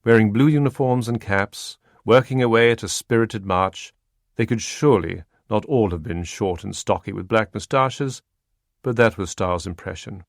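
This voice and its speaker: A man narrating a spy novel audiobook in a steady, measured reading. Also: fairly low pitch, gravelly, no room sound, studio quality. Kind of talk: scripted narration.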